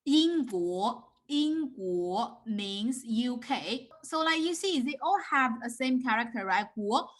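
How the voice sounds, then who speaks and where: A woman's voice: on the high side, expressive, slow, hardly any pauses, a bit bright. A young woman with a Chinese accent, a native Mandarin speaker teaching a beginner lesson, patiently repeating words and checking with "right?".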